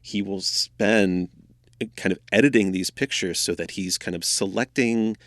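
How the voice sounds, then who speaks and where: A low-pitched man guest in a radio studio, describing photographs in a measured, explanatory way. He hedges often with "kind of" as he walks the listener through each picture. The sound is dry and close. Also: steady tone, dry recording. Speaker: museum staff guest. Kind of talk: radio interview.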